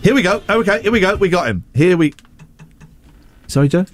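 A man hosts a radio show in rambling, jokey chat. His voice sits a little high and swings widely as he riffs. Faint music runs under the talk. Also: a little fast. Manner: rambling, jokey, animated storytelling. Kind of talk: casual chat.

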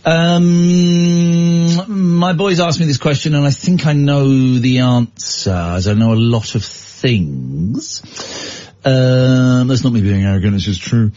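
A man's voice: medium pitch, slow, mellow, highs cut off. A man hosting a radio show, bantering and joking with mock arrogance. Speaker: radio host. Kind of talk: casual radio chat.

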